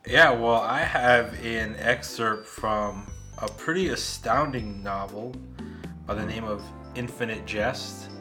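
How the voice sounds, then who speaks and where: A man co-hosting a podcast, talking in a relaxed, filler-heavy way and reading an excerpt aloud. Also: on the low side, takes it slowly, faint music behind. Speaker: podcast co-host. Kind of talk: casual chat and reading aloud.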